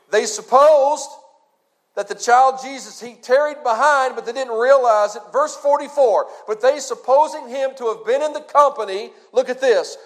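A middle-aged man preaching a sermon, swinging from loud emphasis to hushed, low drops. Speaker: pastor.

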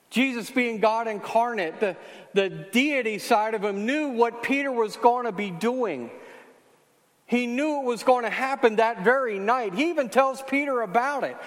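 Man, preacher, high voice, emphatic, quizzes the congregation; long hall echo. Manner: asks the congregation questions, emphatic and rising on key lines. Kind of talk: sermon.

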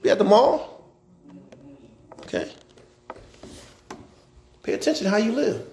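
A male pastor preaching a sermon, swinging from loud shouting to quiet asides, with colloquial talk and lots of repeated words. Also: high voice, measured pace, slight background noise.

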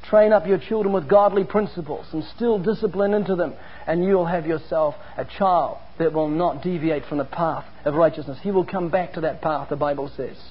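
A male preacher delivers an earnest, emphatic sermon with personal anecdotes. His voice sits high and sounds slightly husky. The recording is dull and lo-fi. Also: moderate pace.

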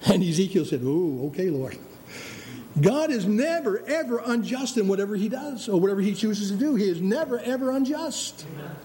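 A man preaching a sermon as pastor, animated, acting out the voices of God and believers. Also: sits high, fairly quick.

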